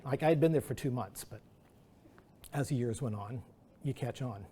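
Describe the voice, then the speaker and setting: A man's voice: medium pitch, moderate pace, dark tone, slightly rough. A middle-aged man, a guest artist, telling rambling anecdotes at an artist talk, acting out quotes. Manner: rambling anecdotal delivery with restarts and acted-out quotes.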